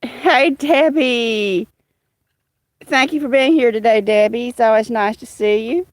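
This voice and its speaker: A woman hosting a casual livestream outdoors, greeting viewers by name in a slow, chatty way. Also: a little high, no room sound. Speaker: livestream host. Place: outdoors with cats.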